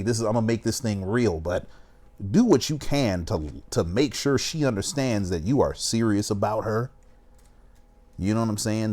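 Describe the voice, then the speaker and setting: The voice is on the low side and a little mellow: a young man doing casual commentary on a video, handing out advice. His tone is emphatic and preachy, with frequent "you know what I'm saying".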